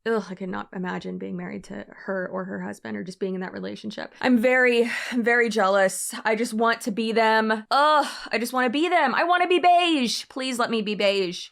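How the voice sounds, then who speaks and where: A woman's voice: on the high side, a little fast, vocal fry, few pauses, a bit bright. A young woman reading and mocking comments in a casual vlog, with a dry, sarcastic delivery.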